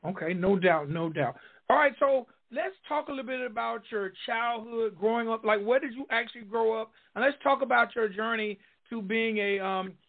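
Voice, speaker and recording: A man's voice: extremely high pitch, moderate pace, gravelly, narrow, tinny audio. A man with a Southern drawl hosting a radio interview show, talking in emphatic, repetitive promo patter. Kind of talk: hyped-up podcast interview hosting.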